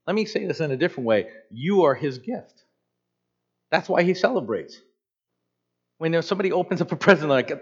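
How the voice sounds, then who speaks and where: Animated preacher in his fifties. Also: a little high, moderate pace, pauses often, husky. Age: 50s. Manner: animated, conversational, joking asides. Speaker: pastor. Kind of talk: sermon. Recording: slightly dull lo-fi sound.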